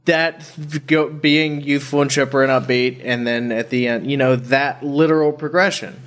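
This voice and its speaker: A man, a magician guest in a casual chat, talking with many pauses and fillers and eager excitement. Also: mid-range voice. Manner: hesitant, with many uh and you know, then eager and excited.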